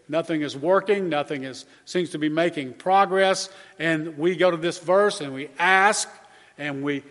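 Earnest high-voiced male preacher in a reverberant hall. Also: fairly bright tone. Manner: earnest, measured preaching with repeated emphasis. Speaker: pastor. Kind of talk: sermon.

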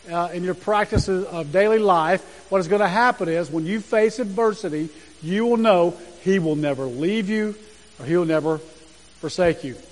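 A man preaching a sermon as pastor, talking earnestly and reading scripture aloud slowly with emphasis. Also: high-pitched, big-room sound, low-quality recording.

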